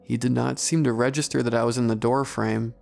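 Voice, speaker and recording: A man giving a scripted first-person horror narration in a measured storytelling manner. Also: mid-range voice, fairly even intonation, creaky, darkish tone, faint music behind.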